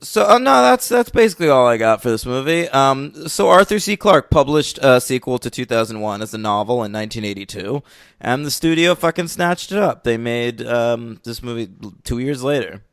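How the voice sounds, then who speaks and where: A man co-hosting a film podcast, chatting casually about movies, animated and often laughing, with plenty of fillers. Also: mid-range voice, normal speed, clean tone, dry recording, clean studio sound. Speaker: podcast co-host. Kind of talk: casual film review chat.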